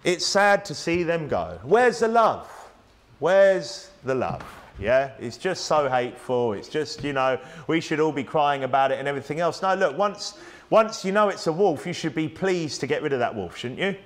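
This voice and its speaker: A man preaching a sermon, his voice sitting a little high for a man. He keeps it conversational yet emphatic and keeps asking rhetorical questions. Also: lively intonation, normal speed.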